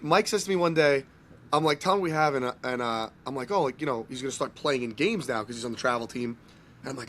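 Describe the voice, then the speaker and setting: A man's voice: a little high, fast talker, fairly bright tone. A man co-hosting a podcast, a chatty, self-deprecating hockey dad who acts out his own conversations.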